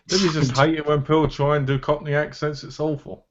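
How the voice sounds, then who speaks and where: A man's voice: fairly high pitch, little pitch movement, a little fast, highs cut off. A man hosting a casual online chat, teasing and coaxing the others to have a go. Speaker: show host.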